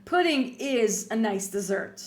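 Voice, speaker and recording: A woman's voice: on the high side, lively intonation, unhurried, very noisy. A woman streamer chatting and joking casually as she plays through a game. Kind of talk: casual gameplay commentary. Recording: game music behind voice.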